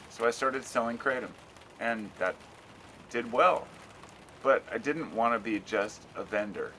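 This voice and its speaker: A man's voice: mid-range voice, lively intonation, measured pace, pauses often, sharp tone, slight background noise. A middle-aged American man talking at home in a loose, rambling vlog, swearing casually. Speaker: vlogger.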